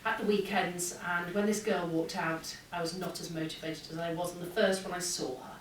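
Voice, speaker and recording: A woman, a former air force pilot, giving a lively motivational keynote and acting out the dialogue in her stories. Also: fairly low pitch, normal speed. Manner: lively anecdotal, acts out dialogue. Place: large hall with an audience. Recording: echoey hall, distant mic, faint hum.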